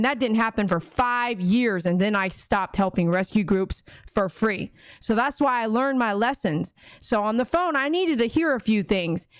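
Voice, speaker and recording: A woman's voice: fairly high pitch, no room sound. A woman dog groomer hosting a casual livestream, chatty and rambling, often acting out conversations.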